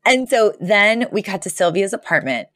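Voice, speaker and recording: A woman's voice: medium pitch, very animated, moderate pace, fairly bright tone. A woman co-hosting a podcast, casually recapping a TV episode and laughing often as she retells scenes. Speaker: podcast co-host.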